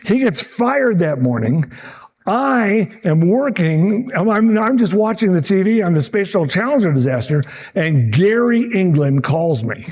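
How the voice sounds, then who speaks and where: A man in his sixties, a TV meteorologist telling lively stories from his career to an audience. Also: high-pitched, a little slow, breathy edge. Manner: lively anecdotal, acts out quotes, frequent restarts. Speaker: TV meteorologist giving a talk. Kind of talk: storytelling presentation to an audience.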